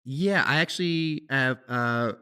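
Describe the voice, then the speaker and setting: A man co-hosting a podcast, talking in a casual, animated way with many restarts. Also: medium pitch, unhurried, clear, resonant tone. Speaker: podcast co-host, musician. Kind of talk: casual conversation.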